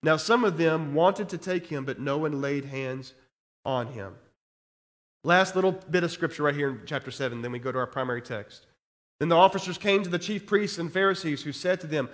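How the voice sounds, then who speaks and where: A man's voice: a little high, a little fast, fairly bright tone. A male pastor preaching, reading Bible verses aloud and commenting on them with growing intensity. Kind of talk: expository sermon reading scripture.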